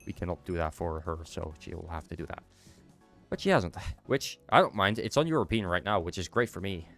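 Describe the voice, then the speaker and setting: Playing a game on stream, a young man from the Netherlands casually answers his viewers' chat, sounding congested from a cold. His voice is low-pitched and fairly bright, animated and a little fast, with soft music underneath.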